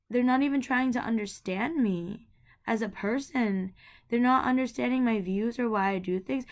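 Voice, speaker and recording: A young woman talks straight to the camera in a raw personal rant, her voice sitting a little high for a woman. She rambles, circling back with fillers and repeated phrases as her frustration builds into heated bursts. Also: a little slow. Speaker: vlogger.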